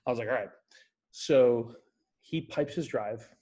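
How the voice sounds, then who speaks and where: A man guest on a casual podcast, telling a long animated golf story in a rambling way. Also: mid-range voice, unhurried.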